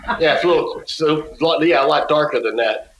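A male guest musician telling a casual story in a halting way, with many restarts and laughs. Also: fairly high pitch, roomy sound, noisy background.

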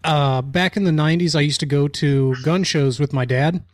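A man's voice: a little high, fairly even intonation, moderate pace, no echo, clean studio sound. A man co-hosting a casual podcast chat, teasing the others and swearing freely. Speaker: podcast co-host.

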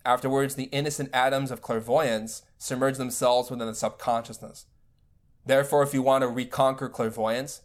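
Male spiritual teacher, mid pitch, measured lecture delivery.

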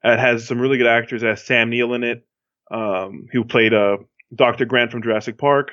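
A man's voice: medium pitch, fairly even intonation, moderate pace, dry recording. A man from Miami, a podcast co-host, talking in a loose, rambling way with lots of fillers and restarts. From Miami, Florida. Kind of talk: casual chat. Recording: dull lo-fi sound.

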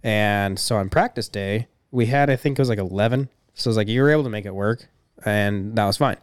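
A man's voice: lowish voice, brisk, clean tone, no room sound. A young man co-hosting a podcast, telling stories in a laid-back way, swearing freely and laughing often. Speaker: podcast co-host and race promoter. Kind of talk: casual chat.

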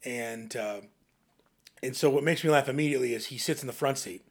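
Young male co-host, chatty storyteller, animated delivery. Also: medium pitch, fairly quick. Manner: laughing, animated anecdotes with quoted voices. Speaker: podcast co-host. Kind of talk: casual chat, storytelling.

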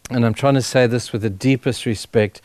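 A man's voice: mid-range voice, steady tone, fairly quick, a little mellow, no echo. Fervent conversational male preacher, dry sound. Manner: conversational, building to fervent emphasis. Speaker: guest speaker at a church. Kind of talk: sermon.

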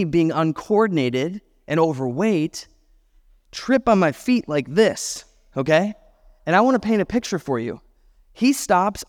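Animated pastor, reverb-washed hall. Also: male voice, on the high side. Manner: animated storyteller, self-deprecating, chatty asides. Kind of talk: sermon with personal story.

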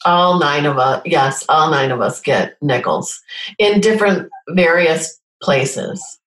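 A middle-aged woman shares personal stories as a guest in a casual conversation, earnestly acting out the quoted dialogue. Her voice is low and fairly bright with lively intonation and a slow pace, and the audio is poor with a roomy sound.

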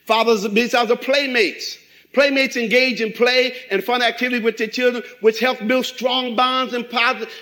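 High-voiced man preaching with animated fervor. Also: low-quality recording. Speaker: pastor. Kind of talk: sermon.

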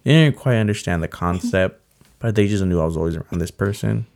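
A young man telling a personal story in casual talk, earnest and halting, with many fillers. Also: low voice, vocal fry, a little mellow. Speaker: guest telling his story.

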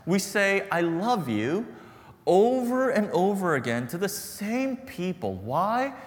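A man's voice: high voice, very animated, slow, long reverb tail. A man preaching a sermon as pastor, earnest and storytelling, repeating phrases for emphasis.

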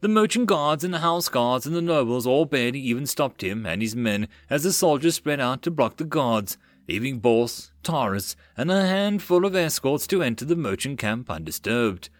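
A man reading a web novel aloud as an audiobook narrator. His pitch moves a lot, and the recording is close and dry. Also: animated, normal speed, few pauses, dry recording.

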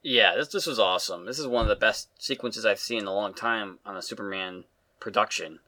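A man co-hosting a casual talk show who chimes in with relaxed opinions, padded with "you know" and "um". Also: fairly low pitch, brisk, no room sound. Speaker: podcast co-host. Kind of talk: casual commentary.

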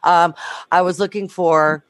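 A woman from Louisiana, chatting casually and telling a story with lively, laughing energy. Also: on the low side, a little slow, no room sound. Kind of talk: casual chat.

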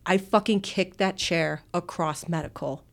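A woman co-hosting a podcast tells a heated story from her nursing work. She swears freely and laughs through the telling, in an animated, conversational way. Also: fairly low pitch, a little slow, vocal fry. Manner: profane, animated, laughs often. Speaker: podcast co-host, nurse. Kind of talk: casual storytelling chat.

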